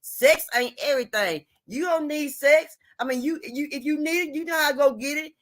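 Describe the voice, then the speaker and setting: A middle-aged or older woman lecturing viewers on relationships in a blunt, preachy way, often asking if they hear her. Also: sits high. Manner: preachy, repeats "you hear me?" and "you see what I'm saying?"; blunt and salty, drawn-out emphasis. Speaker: vlogger giving relationship advice. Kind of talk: emphatic advice rant to viewers.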